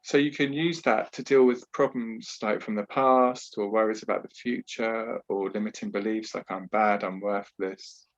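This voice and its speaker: A man talks earnestly over a video call as a therapist, explaining his methods with plenty of restarts and "you know"s. His voice sits on the low side. The audio is dull and lo-fi. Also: fairly even intonation, normal speed, hardly any pauses. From Britain. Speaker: trauma therapist, podcast guest.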